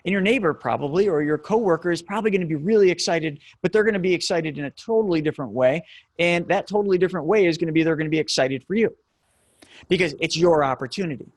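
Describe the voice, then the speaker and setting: Energetic man coaching listeners. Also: on the high side, quick pace, no room sound. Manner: energetic, emphatic, casual. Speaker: podcast host and real estate coach. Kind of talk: motivational teaching monologue.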